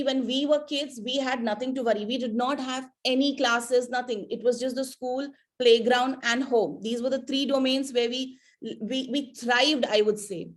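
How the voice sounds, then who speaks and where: Woman, higher voice, keynote speaker, chatty motivational talk to teens, asks the audience questions. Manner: conversational, asks the audience questions, frequent fillers.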